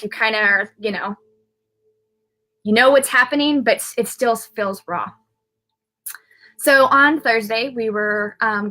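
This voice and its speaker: A woman's voice: a little high, pushed and bright. A woman who works as an intuitive medium, telling a personal story on a live video in a rambling way, with many fillers and restarts.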